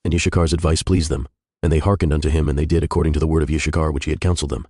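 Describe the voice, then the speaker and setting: Male scripture reader, extremely low voice, brisk solemn narration, dry booth. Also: flat delivery, darkish tone, slightly rough, no room sound.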